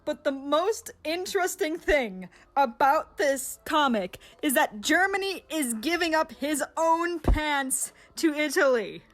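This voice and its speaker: High-voiced woman in excitable commentary. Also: measured pace, hardly any pauses. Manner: excitable, sarcastic and animated. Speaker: video creator. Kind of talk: comedic commentary. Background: faint background music.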